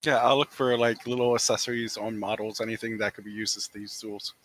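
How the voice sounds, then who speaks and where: A man's voice: fairly low pitch, flat delivery, fairly quick, fairly bright tone, rough recording. A man playing a tabletop role-playing game, hesitant and filling his turns with "uh"s. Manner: hesitant, full of "uh"s. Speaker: player. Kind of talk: casual game talk.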